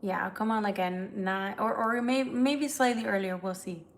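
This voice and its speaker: A woman's voice: mid-range voice, moderate pace. A tired woman who reads tarot, chatting candidly and emotionally with viewers on a livestream, swearing casually. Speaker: tarot reader.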